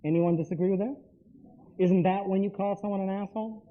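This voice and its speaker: In a tinny, lo-fi recording, a man lectures live to an audience, speaking emphatically and directly to them with repeated phrases. His voice is high and steady, and he talks fairly quickly.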